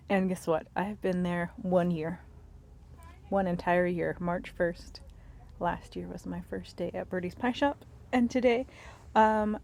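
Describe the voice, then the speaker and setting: Gravelly-voiced woman chatting from bed. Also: fairly low pitch. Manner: rambling and soft, with many fillers, drops to a whisper at times. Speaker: vlogger. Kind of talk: casual chat to camera. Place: bedroom, lying in bed.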